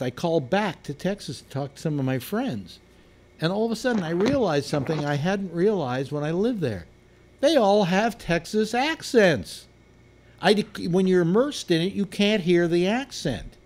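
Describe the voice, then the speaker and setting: A man's voice: a little high, darkish tone. An older man hosting a live panel chat, talking casually and rambling with restarts. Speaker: host.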